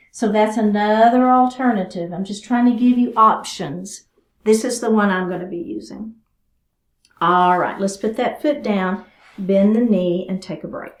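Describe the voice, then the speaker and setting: Woman talking thru a chair yoga class, a bit high voiced, chatty and encouraging, echoey room. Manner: encouraging, chatty, talks while stretching. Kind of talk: guided exercise class instruction. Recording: roomy echo.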